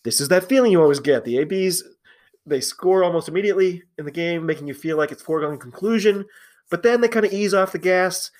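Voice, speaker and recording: A man hosting a solo podcast, chatty and opinionated, with frequent fillers and restarts. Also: a little high. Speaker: podcast host. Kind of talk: casual solo commentary.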